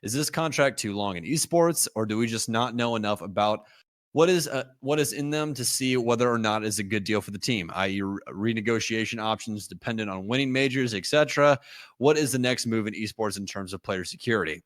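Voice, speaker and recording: A man's voice: fairly low pitch, brisk, fairly bright tone, no echo, clean studio sound. A man co-hosting a casual podcast, talking bluntly and heatedly with lots of swearing. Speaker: podcast co-host.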